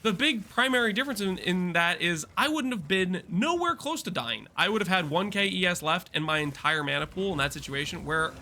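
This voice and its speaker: Bright chatty man explaining a game build. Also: high-pitched, animated, a little fast, hardly any pauses. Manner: chatty, explanatory, loose with restarts. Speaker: gaming content creator. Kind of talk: casual game build guide commentary.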